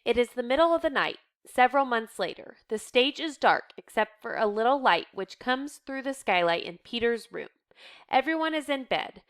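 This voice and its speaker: A woman reads the stage directions of a play aloud in a steady, measured voice. Her voice is smooth and resonant and sits a little high. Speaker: reader.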